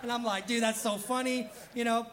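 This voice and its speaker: A man's voice: extremely high pitch, steady tone, a little fast, background noise. A man preaching a casual, humorous sermon as pastor, laughing often and acting out quoted voices.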